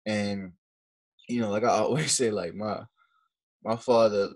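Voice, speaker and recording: A man's voice: fairly low pitch, fairly even intonation, unhurried. A man hosting a casual interview, asking loose questions and affirming his guest. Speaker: podcast host.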